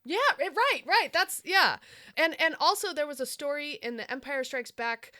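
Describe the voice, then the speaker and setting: A woman hosting a casual podcast, excitable and quick to laugh. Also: high-pitched. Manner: giggly, excitable, laughs often. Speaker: podcast host.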